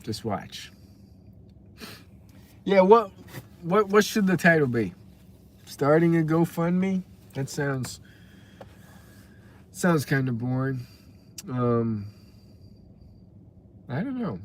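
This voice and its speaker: Young male streamer, casual chat, slow and rambling, reads viewer names aloud. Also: a little high, animated, slight background noise. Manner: rambling, talks to viewers by name. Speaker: livestreamer reading chat.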